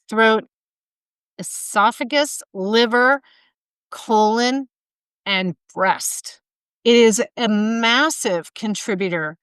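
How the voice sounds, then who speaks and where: A woman's voice: medium pitch, fairly bright tone, clean tone, no echo. A woman hosting a solo health podcast, talking informally with asides and self-corrections, a little tired and tongue-tied. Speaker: podcast host and health coach.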